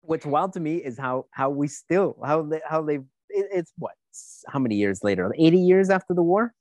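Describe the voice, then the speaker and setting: A man's voice: fairly high pitch, expressive, normal speed, a little mellow, dry recording. Brief: man, podcast co-host, profane mocking rants, dry recording. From United States. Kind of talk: casual chat.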